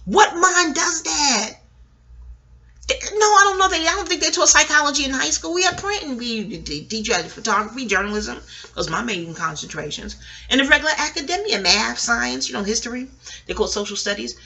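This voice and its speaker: Bright-voiced, profane New woman. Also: sits high, animated, a little fast. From New York. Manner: profane, laughing, digressive storytelling. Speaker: vlogger. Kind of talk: casual rambling monologue.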